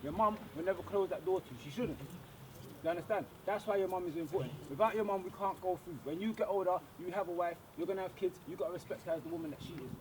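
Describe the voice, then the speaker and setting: A man's voice: sits high, fast talker. A man exhorting young people at an outdoor street gathering, checking in with listeners as he speaks. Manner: exhorting, checks in with constant "yeah?". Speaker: community speaker. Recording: outdoor crowd noise. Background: crowd.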